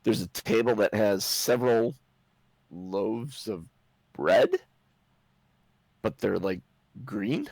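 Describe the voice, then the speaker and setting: Male game master, low gravelly voice, dry sound; narrates scenes with frequent chuckles. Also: big pitch swings, slow, long pauses, a little mellow, no echo, poor audio. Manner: chuckles often while describing scenes.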